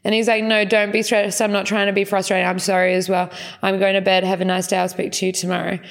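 A woman's voice: medium pitch, flat delivery, fast. Young woman, podcast co-host, rambling casual chat, lots of filler words, swears freely.

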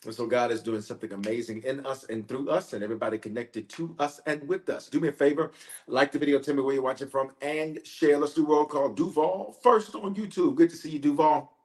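A man, a bishop, leading a livestreamed prayer night, energetic and repetitive as he calls out to viewers and preaches. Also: medium pitch, fairly quick. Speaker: bishop, pastor. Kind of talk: livestreamed prayer service, casual greeting.

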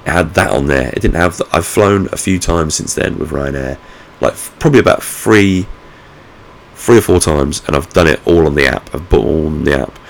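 A man with an extremely deep, gravelly voice, telling a story in a loose, rambling way. His talk is casual and full of swearing, and he pokes fun at himself. A faint hiss of noise sits behind him as he vlogs from home. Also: moderate pace. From United Kingdom. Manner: sweary, rambling, self-mocking. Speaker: vlogger. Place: at home, indoors.

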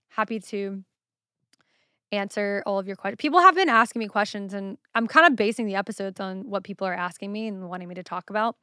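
Smooth-voiced woman hosting a solo podcast. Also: mid-range voice, a bit bright, dry recording, studio quality. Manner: candid, casual, swears freely. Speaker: podcast host.

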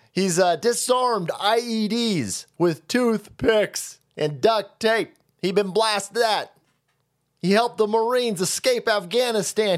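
A man hosting a political stream rants crudely and mocks people as he goes, jumping into high mocking voices.

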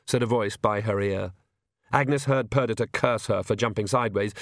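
A man's voice: medium pitch, no echo. Man narrating an audiobook, dry and close. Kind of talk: scripted narration.

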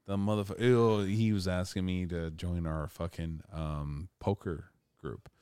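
A man's voice: deep voice, little pitch movement, unhurried, dark tone, smooth, no echo, clean studio sound. A man co-hosting a casual podcast, telling a long rambling story full of swearing. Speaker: podcast co-host.

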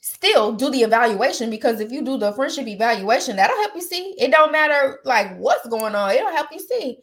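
A woman's voice: a little high, expressive, normal speed, fairly bright tone. A woman hosting a podcast, chatting casually and giving outspoken, emphatic advice. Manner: outspoken, emphatic, repeats phrases for effect. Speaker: podcast host.

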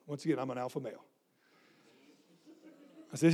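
A middle-aged man, a pastor telling a lively story in a sermon and acting out the dialogue. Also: fairly high pitch, quick pace, pauses often. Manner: animated, self-mocking storytelling with quoted dialogue.

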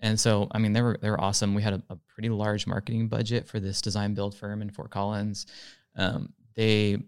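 Smooth low-voiced man telling his story. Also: a little fast, no room sound, studio quality. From California. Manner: relaxed storytelling with frequent "like" fillers. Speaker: podcast guest, real estate marketing director. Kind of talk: casual podcast conversation.

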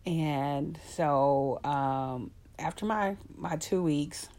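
Emotional woman with a low voice. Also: very slow, darkish tone. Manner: emotional and heartfelt, with hesitant fillers; addresses her audience as y'all. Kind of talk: personal storytelling.

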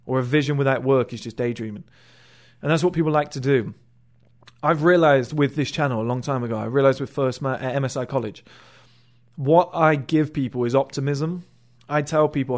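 A man's voice: a little high, a little fast, a little mellow. A man hosting his own motivational channel, talking bluntly and sarcastically and mocking people's excuses in put-on voices. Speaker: motivational video host. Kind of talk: casual motivational monologue.

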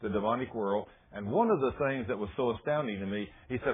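A man preaching a sermon who tells a story dramatically and drops to a hush when he quotes someone. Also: medium pitch, quick pace, few pauses, husky. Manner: dramatic retelling, dropping to hushed tones for quotes. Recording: tinny phone-like radio broadcast.

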